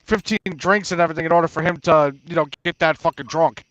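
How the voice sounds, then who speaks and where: A man's voice: a little high, quick pace, fairly bright tone, no echo, muffled recording. A man telling a casual, profane story, laughing often and repeating himself. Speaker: panel host.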